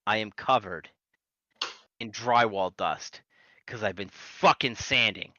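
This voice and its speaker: A man's voice: lowish voice, takes it slowly, muffled recording, background noise. A man telling a long, profane story in casual podcast chat. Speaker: podcast co-host.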